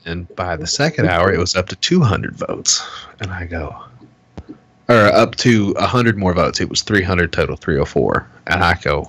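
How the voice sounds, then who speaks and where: A man's voice: low voice, lively intonation, moderate pace, fairly bright tone, dry recording. A man on a podcast telling a heated, profane story in casual chat and acting out what people said. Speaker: podcast co-host.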